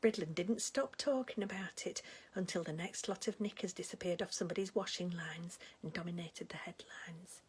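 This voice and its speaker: A woman's voice: on the low side, normal speed. A woman playing a gossipy, sentimental older village lady in a comic monologue, with a chatty, rambling way of talking. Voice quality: very breathy, husky voice.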